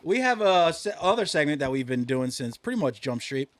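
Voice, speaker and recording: A young man with a fairly high voice, trading crude, teasing jokes as co-host of a casual comedy podcast. He swears often and keeps the banter loose and joking. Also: very animated, fairly quick, no echo.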